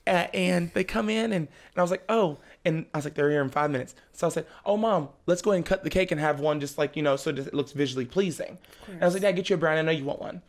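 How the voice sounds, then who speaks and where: A young man, a guest on a podcast, telling a personal story in casual chat, animated and laughing often. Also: fairly high pitch, fast. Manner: animated, laughs often, slips into the voices of family members.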